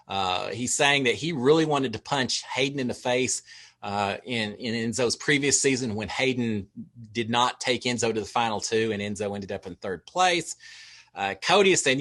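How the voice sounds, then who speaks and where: A man with a Texas drawl talks casually through an overnight recap. His delivery is chatty, with frequent filler words and wry asides. His pitch sits in the middle of the usual range for a man. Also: normal speed, sharp tone. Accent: Texan. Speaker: show recap host.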